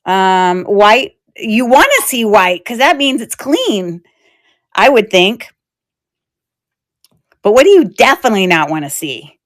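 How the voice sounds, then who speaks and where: A woman's voice: mid-range voice, sing-song, a little slow, pauses often. A woman hosting a live jewelry sale, chatting casually with her viewers and laughing easily. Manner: chatty and giggly, with frequent fillers. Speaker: online shop host selling jewelry on a live stream. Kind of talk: casual live-stream selling chat.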